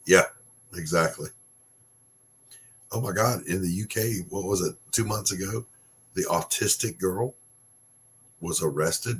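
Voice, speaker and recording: A man's voice: sits low, a bit bright, slight background noise. A man hosting a casual opinion monologue, ranting bluntly and sarcastically, with swearing. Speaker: podcast host.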